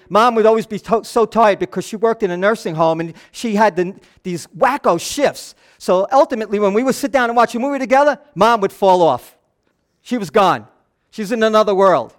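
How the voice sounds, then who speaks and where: High-voiced man preaching a sermon. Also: normal speed. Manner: swings from soft and hushed to raised and animated. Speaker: pastor.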